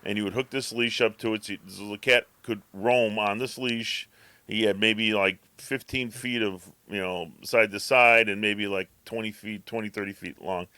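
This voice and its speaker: A man's voice: on the low side, steady tone, moderate pace, sharp tone, no room sound. A man co-hosting a podcast, telling a long, rambling story in casual chat and acting out his cat's thoughts. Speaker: podcast co-host.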